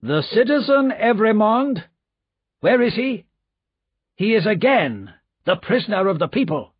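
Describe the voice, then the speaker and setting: A man voicing a rough, commanding guard who speaks in a loud and demanding way. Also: sits high, sing-song, unhurried, no room sound, pitched above the performer's own voice, full character voice. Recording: dull lo-fi recording.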